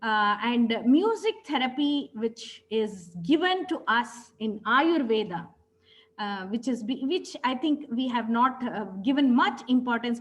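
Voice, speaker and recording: A woman's voice: fairly high pitch, a bit bright, rough recording. Earnest woman teacher. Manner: earnest, storytelling, often pauses to correct herself. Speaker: yoga teacher. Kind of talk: spiritual teaching talk.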